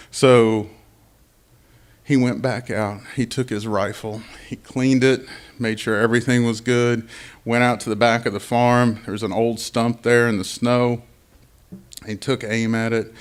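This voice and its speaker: Gravelly man telling a spooky folk tale. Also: fairly even intonation, normal speed. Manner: dynamic, drops to whispers for suspense and booms for action. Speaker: storyteller. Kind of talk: live folk horror storytelling. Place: live festival stage.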